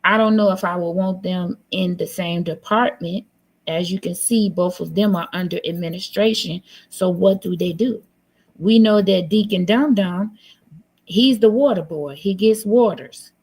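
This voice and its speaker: A woman's voice: lowish voice, measured pace, a little mellow, husky. A woman hosting a live stream, talking in a blunt, teasing, sassy way in casual commentary. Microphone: computer mic on a live stream.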